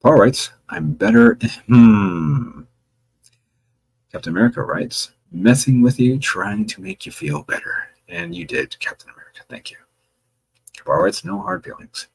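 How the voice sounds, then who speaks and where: A man hosting a livestream, reading viewer comments aloud with a chatty, wry manner and a gravelly voice. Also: medium pitch, lively intonation, measured pace, rough recording. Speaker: livestream host reading chat. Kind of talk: casual livestream chat.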